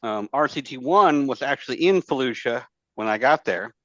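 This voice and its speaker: A man's voice: medium pitch, lively intonation, moderate pace, a bit bright. A man chats casually as a guest on a podcast, swearing freely and circling back on his words. The sound is muffled and lo-fi, with no room echo at all. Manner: rambling, profane, many fillers and restarts. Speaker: podcast guest, former Marine. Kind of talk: casual storytelling chat. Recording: dull lo-fi dry sound.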